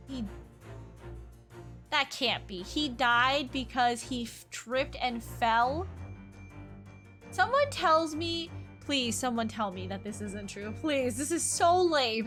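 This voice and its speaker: A woman's voice: sits high, a bit bright. A woman streaming a game, exclaiming and venting indignantly as she plays and reads lines aloud. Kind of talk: reactive let's-play commentary. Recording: game music behind.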